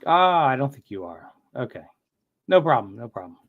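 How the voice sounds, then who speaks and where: A man's voice: mid-range voice, big pitch swings, moderate pace, narrow, tinny audio. A man hosting a casual livestream chat, telling rambling stories and laughing often. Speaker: streamer.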